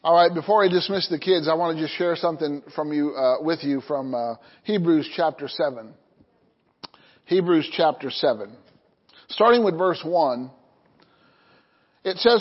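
A man's voice: on the high side, normal speed, lo-fi sound. A man preaching to his congregation as pastor, reading jokes with chuckles and asking "amen?" between points. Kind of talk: sermon.

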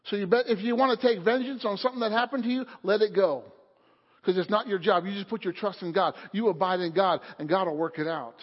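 Here the preacher talks fast in a high voice, his sermon fervent and punctuated by calls for amen. The church sanctuary gives the dull, lo-fi recording a hall-like echo.

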